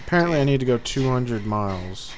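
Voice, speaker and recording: A man's voice: medium pitch, expressive, fast talker. A man casually commenting while playing a game with his cousin, joking and exclaiming at what happens. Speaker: gaming co-host. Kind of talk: casual let's-play commentary. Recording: noisy game-capture audio.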